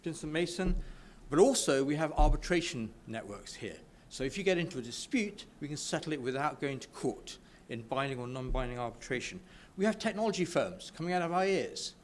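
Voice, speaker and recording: A British man enthusiastically talks to a live audience at a business networking event held in an event room, often stumbling and starting sentences over. His fairly high, sing-song voice moves a little fast with few pauses, over a little hiss or hum.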